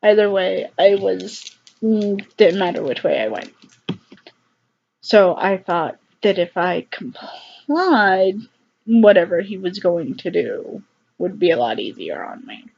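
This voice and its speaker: A young woman tells a personal story to her camera, halting and subdued, with frequent fillers. Her pitch sits at a middling level for a woman, and the recording sounds slightly dull and lo-fi. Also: lively intonation, creaky, a little mellow, husky. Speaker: vlogger.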